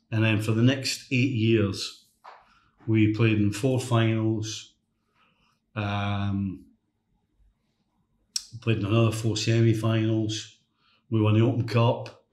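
A middle-aged man, a former footballer and coach, tells lively anecdotes as a guest on a casual chat podcast. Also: fairly low pitch. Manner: anecdotal, lively, mimics others in quotes. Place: hotel room podcast set. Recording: roomy echo.

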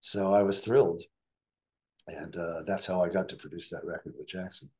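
A man's voice: low-pitched, moderate pace. An older man telling stories from his career as a musician and producer in a casual interview, acting out quoted voices. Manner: animated storyteller, acts out quoted voices.

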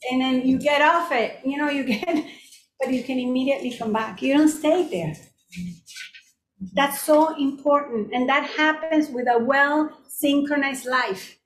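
Brief: middle-aged woman leading a group chat, high bright pitch, lively storyteller, roomy echo. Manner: animated, storytelling with lots of asides. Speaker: group discussion leader. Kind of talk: casual group talk. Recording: echoey room.

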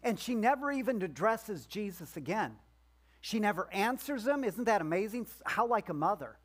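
Male pastor with a high voice, preaching casually in church, adding asides and doing character voices. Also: very animated, moderate pace. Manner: conversational, joking, acts out voices of the story figures. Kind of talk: sermon.

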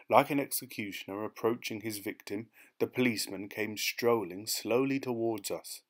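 A man reading a short story aloud as audiobook narration, in a measured, even manner. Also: fairly low pitch. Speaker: audiobook reader. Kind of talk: scripted narration.

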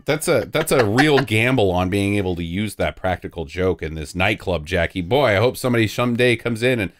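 Lively, sarcastic male podcast host. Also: on the low side, a little fast, no echo, studio quality. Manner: sarcastic, jokey, swears freely. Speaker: podcast host recapping a film. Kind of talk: casual movie-riffing chat.

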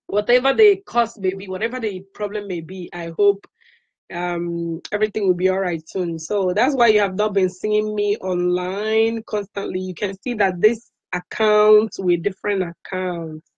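Pleading Nigerian woman, husky lo-fi voice. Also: medium pitch, fairly even intonation, normal speed, darkish tone, no echo. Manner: pleading, repetitive, mixing English with Igbo phrases. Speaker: online activist vlogger. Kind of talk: emotional direct-to-camera appeal.

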